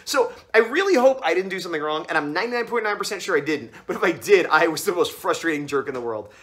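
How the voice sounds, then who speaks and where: Fast-talking animated man on a vlog. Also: a little high. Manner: rambling, animated, acts out the other voices in the story. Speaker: comic artist vlogger. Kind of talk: casual storytelling vlog.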